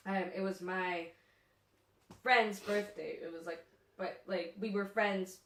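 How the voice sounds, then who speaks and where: A woman's voice: medium pitch, takes it slowly, roomy sound, far from the mic, a little hiss or hum. A young woman co-hosting a podcast, chatting casually and telling a story with lots of laughter. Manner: chatty, laughs a lot, lively reactions. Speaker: podcast co-host.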